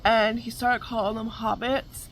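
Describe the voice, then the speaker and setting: A woman's voice: a little high, level tone, a little slow, a bit bright, a little hiss or hum, rough recording. A middle-aged woman, hosting a casual chat, rambling with many fillers and frequent laughter. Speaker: vlog host.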